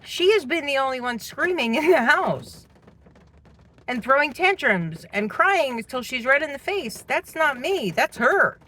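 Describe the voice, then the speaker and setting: A woman's voice: sits high, big pitch swings, measured pace, bright, forceful tone. A middle-aged woman venting indignantly as she tells a personal story about her household. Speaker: parent telling a personal story. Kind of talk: personal vlog monologue.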